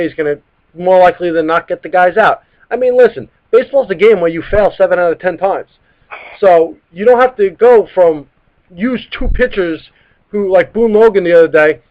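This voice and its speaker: A New man in his thirties hosts a live sports talk stream, ranting hot and swearing freely. His voice sits fairly high. The sound is muffled and lo-fi, like a cheap webcast. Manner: heated, profane ranting. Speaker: sports talk show host. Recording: dull lo-fi live stream audio.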